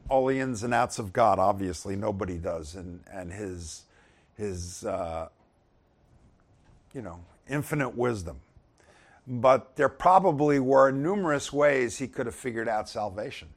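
A man with a mid-range voice teaches from the Bible in a relaxed, conversational manner. Easygoing between passages, he becomes emphatic whenever he reads Scripture aloud.

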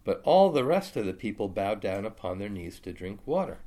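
A man's voice: fairly low pitch, big pitch swings, fairly quick, warm tone. A man teaching a Bible study, reading scripture aloud and then explaining it casually.

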